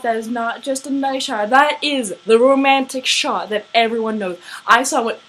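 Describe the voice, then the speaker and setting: A woman's voice: on the high side, normal speed, few pauses, a bit bright, rough recording. Gushing, swearing young-sounding woman fan. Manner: gushing, swears often, gasps and laughs. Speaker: vlogger. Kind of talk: excited fan rant.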